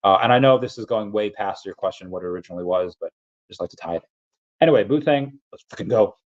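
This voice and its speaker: A man's voice: lowish voice, fast talker, dull audio. A man hosting a casual livestream, rambling through his points and reading out viewer comments. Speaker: livestream host.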